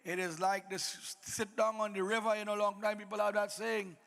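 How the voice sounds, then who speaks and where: A man's voice: sits high, little pitch movement, normal speed, gravelly, few pauses, fairly bright tone. A man narrating a devotional epic to devotees, dramatic with folksy asides. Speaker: Ramleela narrator. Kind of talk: devotional storytelling to an audience.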